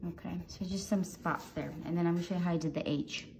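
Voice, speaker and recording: Low-voiced woman teaching a drawing. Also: steady tone, fast, gravelly, slight background noise. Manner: gentle, step-by-step instructing while coloring. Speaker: art teacher. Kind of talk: drawing tutorial narration.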